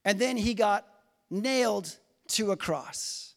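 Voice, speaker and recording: A man preaching a sermon to his congregation, swinging between loud emphatic lines and quiet, slow scripture reading. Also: high-pitched, lively intonation, creaky. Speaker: pastor. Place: church sanctuary. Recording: long reverb of a church hall.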